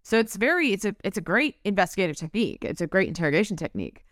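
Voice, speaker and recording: A woman's voice: medium pitch, big pitch swings, very fast, no room sound, clean studio sound. A woman co-hosting a book club podcast, reading passages aloud and then riffing on them casually, swearing now and then. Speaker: podcast co-host.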